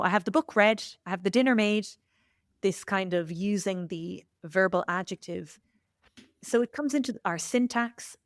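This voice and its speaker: A woman with an Irish accent, a language teacher speaking as a podcast guest in an articulate, explanatory way with lively emphasis. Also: on the low side, dry recording, clean studio sound. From Ireland. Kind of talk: podcast interview.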